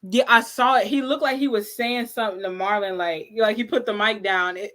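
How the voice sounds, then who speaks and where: Livestream co-host, a woman, chatty and excitable, average pitch. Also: brisk. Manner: chatty and excitable, lots of fillers. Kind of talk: casual live watch-party chat.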